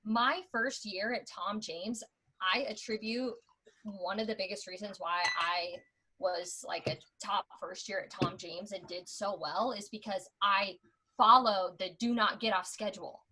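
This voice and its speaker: Chatty woman with a bright voice. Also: medium pitch, fairly even intonation, a little slow, husky, poor audio. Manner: chatty, many "like" fillers. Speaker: podcast guest, former door-to-door book seller. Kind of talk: casual storytelling chat.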